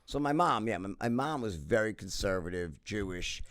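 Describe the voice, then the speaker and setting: A man's voice: lowish voice, normal speed. A middle-aged man as a podcast guest, telling stories animatedly with lots of swearing and restarts. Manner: animated, profane, frequent restarts and "right?". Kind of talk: casual interview storytelling.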